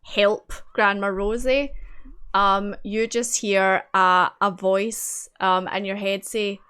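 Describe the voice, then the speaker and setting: Woman dm, slow easy pace, chatty and giggly. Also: mid-range voice, fairly even intonation, pushed and bright, smooth. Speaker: game master. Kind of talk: narrating a tabletop game.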